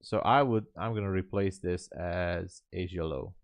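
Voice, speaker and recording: Slow, low-voiced man streaming live trades. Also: dry recording, studio quality. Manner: thinks aloud, laughs often, greets chat viewers; relaxed, halting, many fillers. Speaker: day-trading livestream host. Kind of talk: live commentary while trading and reading chat.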